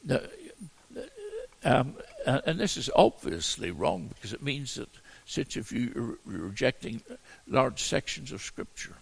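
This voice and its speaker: A man teaching through a Bible passage as a preacher, in a halting way full of repeated words and restarts. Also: medium pitch, big pitch swings. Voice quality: gravelly, husky voice.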